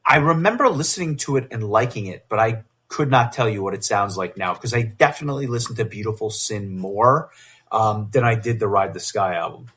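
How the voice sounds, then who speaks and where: A man co-hosting a music podcast, talking in a steady, conversational way. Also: on the low side, a little fast, breathy edge. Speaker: podcast co-host. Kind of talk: casual chat.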